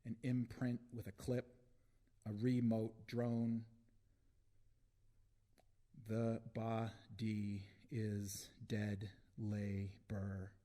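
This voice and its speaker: A man reading his own poems aloud at a live book launch, with deliberate phrasing and long pauses between lines. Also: lowish voice, monotone, dark tone. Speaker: poet reading his work.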